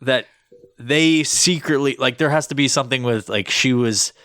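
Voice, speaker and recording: Male podcast co-host, mid-pitched, dry close mic, mocking and profane, breaks into goofy impressions. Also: moderate pace, fairly bright tone, no echo. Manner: profane, mocking, acts out movie lines in silly voices. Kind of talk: casual movie review chat.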